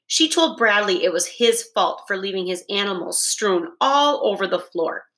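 A woman reading a children's novel aloud with steady, deliberate storytelling. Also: mid-range voice. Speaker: reader.

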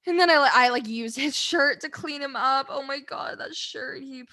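A woman's voice: sits high, moderate pace, few pauses, sharp tone. A young woman telling a candid, rambling story to the camera, flustered and close to tears, swearing freely.

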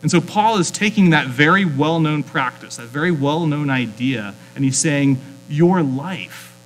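A man's voice: fairly high pitch, lively intonation, a little slow, fairly bright tone, a little hiss or hum, low-quality recording. A man, the pastor, preaching a sermon in a loose, conversational way, with many fillers and restarts. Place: church sanctuary.

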